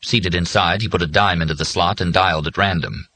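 A man reads a novel aloud in a measured, even way. His voice is very deep, and his tone is bright and forceful. He delivers it as steady scripted narration. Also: slightly rough. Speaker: audiobook narrator.

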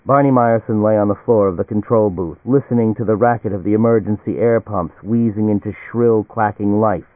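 Low-voiced man narrating, phone-thin. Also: brisk, few pauses, no room sound. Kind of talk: audiobook narration. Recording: tinny, phone-like and dry.

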